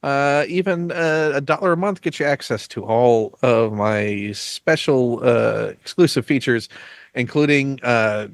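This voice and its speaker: Male host, chatty and teasing, mid pitch, dry close-mic sound. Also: fairly bright tone, no echo. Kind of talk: casual interview.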